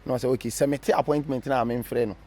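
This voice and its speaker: A man's voice: medium pitch, fairly even intonation, quick pace, mellow. A Ghanaian man, a former referee, being interviewed, telling his story animatedly in a casual mix of English and Twi.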